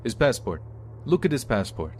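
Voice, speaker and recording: A man's voice: medium pitch, sing-song, moderate pace, darkish tone, a little hiss or hum, pitched above the performer's own voice, close to an everyday voice. A man voicing a large drunk male thug who garbles and slurs. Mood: insistent. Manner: garbled, slurred.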